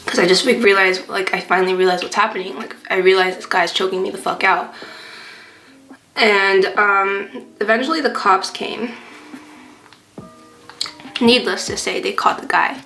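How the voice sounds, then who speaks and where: This young adult beauty vlogger speaks at a moderate pace in a medium-pitched, bright, forceful voice with vocal fry, fairly even intonation, and frequent pauses. She tells a chatty storytime while applying makeup, using lots of fillers and swearing freely. Faint background music plays in the roomy-sounding recording.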